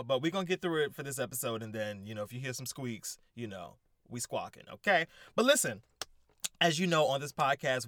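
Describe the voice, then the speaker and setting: An excitable young man hosts a casual solo podcast, swearing freely and bouncing between topics. His voice sits at a middle pitch. The sound is dry and close, with no room echo. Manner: excitable, profane, animated. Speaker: podcast host. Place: indoors, sitting in a squeaky chair.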